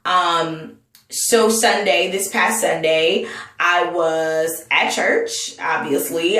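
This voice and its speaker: A woman's voice: fairly low pitch, a bit bright. A woman from North Carolina delivering an impassioned personal rant, earnest and emotional, often restarting her sentences. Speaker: vlogger and Sunday school teacher. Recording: roomy, distant mic.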